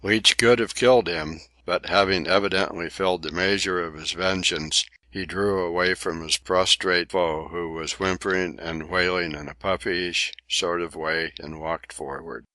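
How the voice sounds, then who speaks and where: A man narrating a classic adventure novel as an audiobook, in measured, literary storytelling. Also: low voice, fairly even intonation, bright, forceful tone, no room sound. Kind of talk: scripted narration.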